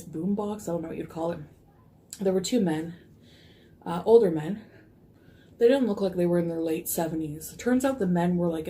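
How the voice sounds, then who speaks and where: A woman's voice: fairly low pitch, warm tone, a little hiss or hum. A woman telling a casual storytime in a rambling way, full of fillers. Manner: rambling, frequent fillers, laughs easily.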